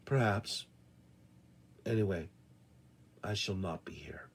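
A man voicing a cold, soft-spoken male gunman who talks quietly and evenly in a deep, slow voice. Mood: hushed. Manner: quiet, low and measured.

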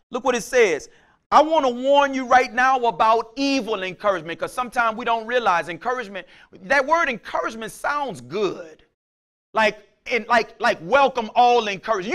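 A male pastor preaching with a high voice. He calls out scripture with fervor and keeps returning to "Praise the Lord." At times he drops to a low, quiet prayer. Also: normal speed. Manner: impassioned preaching, shouting out scripture; repeats "Praise the Lord" between points. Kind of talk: sermon.

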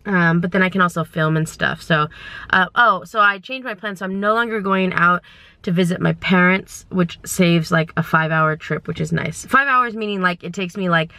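A young woman, vlogging casually from her car and around stores, rambling and indecisive, getting excited as she talks. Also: fairly low pitch, normal speed, no echo. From California. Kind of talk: casual vlog chat.

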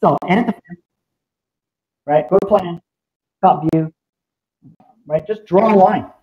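Brief: upbeat male presenter, fairly high voice, exclamatory and animated, dull lo-fi room recording. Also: measured pace. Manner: excitable, exclamatory, full of sound effects. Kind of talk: live software demo talk.

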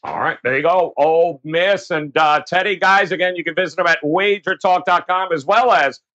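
A man hosting a sports betting show, upbeat and pitching the website between picks. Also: moderate pace, pushed and bright, muffled recording. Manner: upbeat, plugs the website often. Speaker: show host.

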